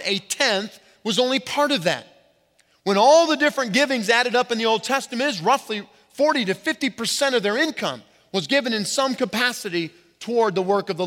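A pastor giving a sermon to his congregation, leaning hard on key words and slowing down to stress them. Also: sits high, fairly bright tone. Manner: emphatic preaching with slow stressed words. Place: church sanctuary. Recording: reverberant hall.

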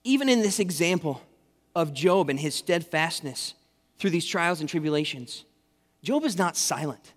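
A man's voice: fairly high pitch, lively intonation, moderate pace. A man preaching a casual, conversational sermon, retelling a story with joking asides in a large hall. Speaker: pastor. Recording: reverberant hall.

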